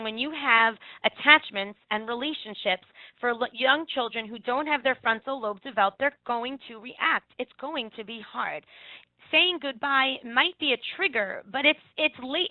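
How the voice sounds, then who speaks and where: A woman's voice: sits high, dry recording, narrow, tinny audio. A woman giving a presentation to parents and teachers, offering direct, reassuring advice and repeating her key points for emphasis. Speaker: early childhood education speaker. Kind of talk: presentation on separation anxiety.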